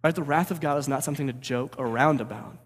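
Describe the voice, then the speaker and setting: Energetic man preaching a sermon. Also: medium pitch, fast talker, husky, big-room sound. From St. Louis, USA. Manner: energetic, conversational, keeps asking "right?".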